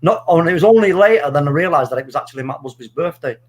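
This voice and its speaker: A middle-aged man telling a story in casual chat, animated and swearing freely. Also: a little high, racing. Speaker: podcast co-host.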